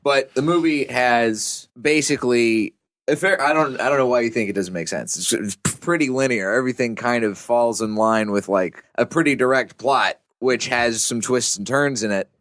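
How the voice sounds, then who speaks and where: A man's voice: mid-range voice, moderate pace, fairly bright tone, no echo. A man hosting a movie podcast, chatting casually and eagerly explaining a film's plot. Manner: enthusiastic, explains plot at length. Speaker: podcast host.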